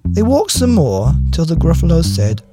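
A man reading a children's story aloud as a podcast host, gentle, expressive and unhurried. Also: on the high side. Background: guitar music.

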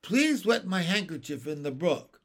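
A kind, capable older sister, voiced by a man reading a children's storybook. She talks gently and motherly, at an unhurried pace with a lively, rising lilt. A gravelly texture runs under the voice. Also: high-pitched, exaggerated voice. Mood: gentle.

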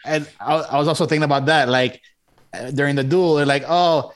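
A man co-hosting a casual movie review podcast, talking in a drawn-out, exasperated way. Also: fairly high pitch, steady tone. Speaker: podcast co-host.

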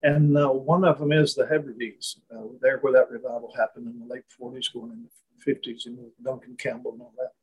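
Husky man telling a slow story. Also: mid-range voice, flat delivery, poor audio. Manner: slow, halting, many restarts and fillers. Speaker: guest storyteller. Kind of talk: reflective storytelling in conversation.

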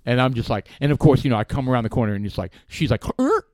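A man's voice: medium pitch, very fast, no room sound, clean studio sound. A man co-hosting a casual podcast chat, telling stories with swearing and laughter. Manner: animated storytelling, swearing, laughing. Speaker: podcast co-host.

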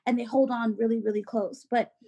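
A woman co-hosting a podcast in casual chat, animated and filler-heavy, acting out quoted voices. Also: fairly high pitch, brisk, husky. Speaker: podcast co-host.

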